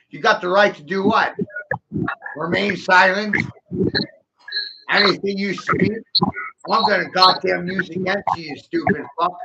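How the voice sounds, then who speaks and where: A man with a high, gravelly voice rants in a hostile, taunting way, jeering and sneering line after line. The sound is muffled and lo-fi. A steady hiss of noise sits under him. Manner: aggressive, mocking, taunting, profane. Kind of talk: solo taunting rant to camera.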